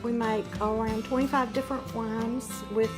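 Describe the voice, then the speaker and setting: A woman's voice: fairly high pitch, level tone, normal speed, music in the background. A woman from Southwest Georgia with a Southern accent, demonstrating a recipe on a cooking show in a plain, folksy way. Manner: folksy, explaining steps plainly. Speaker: winery guest.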